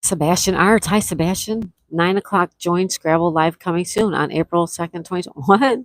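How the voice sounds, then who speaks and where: Middle-aged woman host from Florida, slightly low voice, chatty, reads chat aloud, dry close sound. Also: normal speed, no echo, low-quality recording. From Florida, USA. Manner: chatty, greets viewers by name, reads their comments aloud. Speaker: livestream host. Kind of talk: casual chat, reading live chat aloud.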